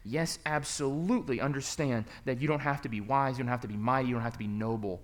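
Young man preaching with lively storytelling. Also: medium pitch, quick pace. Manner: storytelling, swings from quiet to loud excited emphasis. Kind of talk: sermon. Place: church.

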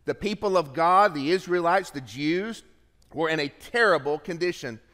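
A man preaching a sermon as pastor, reading scripture aloud with lively shifts of pace and emphasis. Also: on the high side, moderate pace, in a large hall.

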